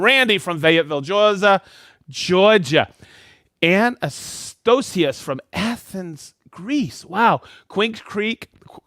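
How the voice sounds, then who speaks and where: A man's voice: sits high, sharp tone, dry recording, clean studio sound. A man hosting a live stream, upbeat and jokey, reading out viewers' names and hometowns. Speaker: host of a live product show. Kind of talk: livestream shout-outs to viewers.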